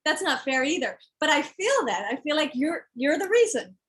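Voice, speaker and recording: A woman's voice: high voice, sing-song, normal speed, fairly bright tone, poor audio. A woman author talking frankly and emphatically about her children's book, acting out other people's words and sometimes swearing. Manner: swears when heated. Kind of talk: candid conversation.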